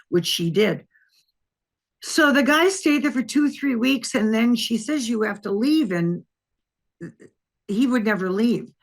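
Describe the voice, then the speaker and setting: A woman's voice: fairly high pitch, lively intonation, a little slow, long pauses. An older woman from Wisconsin, a former detective, telling a long story in a rambling, conversational way with frequent restarts. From Wisconsin, USA. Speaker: interview guest, former police detective. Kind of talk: anecdotal storytelling in an interview.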